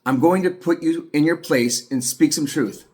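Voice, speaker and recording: A man's voice: fairly high pitch, moderate pace, darkish tone. A middle-aged man giving an agitated, profane monologue to the camera as an aggrieved father. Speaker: aggrieved father telling his story.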